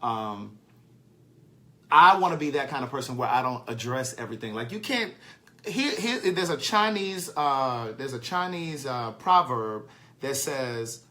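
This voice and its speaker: A man's voice: medium pitch, expressive, a little slow, sharp tone. A man telling a funny personal story in a casual, swearing monologue on a live stream, laughing at himself as he goes. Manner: chatty, swearing, laughing at his own story.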